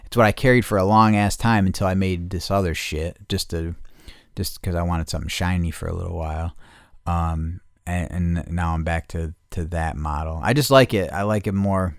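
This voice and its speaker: A man hosting a casual solo podcast, rambling and profane, correcting himself mid-sentence and jumping into loud excited bursts. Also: deep voice, normal speed, no room sound, clean studio sound. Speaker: podcast host.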